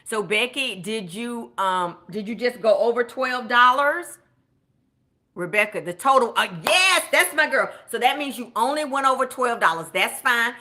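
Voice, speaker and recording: A woman's voice: on the high side, lively intonation, moderate pace, sharp tone. A woman coaching viewers on budgeting during a live stream, chatty and encouraging, cheering people on by name as she reads their comments.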